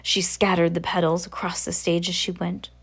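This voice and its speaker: A woman reading a novel aloud in a steady voice, now and then slipping and correcting herself. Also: on the low side, normal speed, husky. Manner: steady reading with occasional slips and self-corrections. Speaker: audiobook reader.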